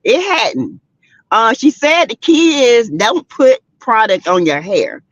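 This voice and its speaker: A woman's voice: on the high side, slow pace, dry recording. Sassy older Southern woman dishing gossip. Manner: animated and sassy, laughing often, calling out to viewers. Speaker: host of a celebrity gossip livestream. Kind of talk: casual gossip chat with viewers. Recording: dry, dull lo-fi webcam audio.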